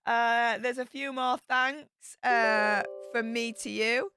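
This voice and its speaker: A young woman chatting excitedly on her livestream, telling travel stories in a chatty, excitable way. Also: on the high side, takes it slowly. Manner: chatty and excitable, with bursts of squealing. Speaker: YouTube streamer. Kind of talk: casual livestream storytelling.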